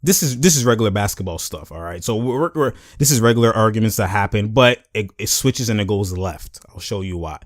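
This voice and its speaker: A man's voice: on the low side, expressive, no echo, studio quality. A man hosting his own channel, breaking down a game clip in loose, slangy casual talk and now and then acting out what the players say. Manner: loose and slangy, repeats filler phrases; acts out players' lines in quick put-on voices. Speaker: YouTube host. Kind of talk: casual sports commentary over a game clip.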